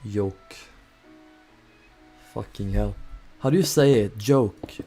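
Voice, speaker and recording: A man's voice: lowish voice, normal speed. A man with a Swedish accent, chatting casually and joking with his live-stream chat while he builds. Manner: relaxed, joking replies to chat. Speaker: Minecraft streamer. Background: music.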